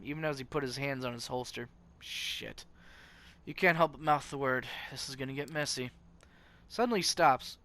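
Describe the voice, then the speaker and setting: A man hosting a game let's play, reading its narration aloud with lively swings between loud and quiet. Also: a little high. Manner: animated reading with big swings in loudness.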